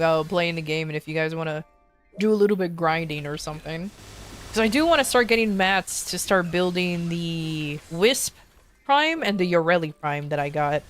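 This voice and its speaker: A woman's voice: on the low side, animated, normal speed. Playful joking woman streamer. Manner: playful, joking, laughs often. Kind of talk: casual live-stream chat.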